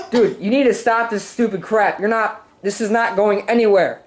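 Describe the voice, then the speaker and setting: A woman scolding her family in the house, exasperated and coughing as she yells at them. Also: medium pitch. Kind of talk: casual scolding. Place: inside a house. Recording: noisy home video recording.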